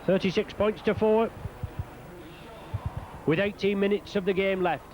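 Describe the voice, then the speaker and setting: A man calls live play-by-play for an outdoor rugby league match, firing off player names in quick bursts and raising his voice at scoring moments. His voice sits high with fairly even intonation, and the audio is dull with slight background noise.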